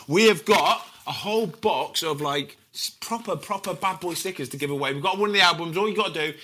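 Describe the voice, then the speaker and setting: An excitable man hosting a football chat show. His voice is bright and sits a little high, and he talks in a chatty, slangy way. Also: a little fast, few pauses, faint music behind. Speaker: host.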